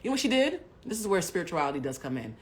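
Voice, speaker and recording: A woman in her forties from Haiti, a spiritual coach telling a personal story on a livestream in a blunt, profane way, swinging from loud bursts to hushed asides. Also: fairly low pitch, very animated, racing. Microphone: webcam or phone mic on a home livestream.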